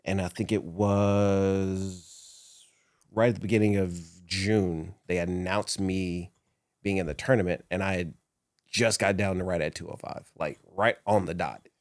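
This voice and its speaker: Man, low voice, wrestler guest, casual interview, animated storyteller, dry studio sound. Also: measured pace, no echo. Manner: animated, laughs often, acts out quotes. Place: podcast studio. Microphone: studio microphone.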